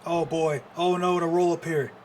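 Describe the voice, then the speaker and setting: A man with a slightly higher voice calls a wrestling match move by move. He is excitable and keeps breaking into exclamations, with a faint hiss behind him. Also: moderate pace. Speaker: streamer commentator. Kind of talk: live wrestling play-by-play commentary.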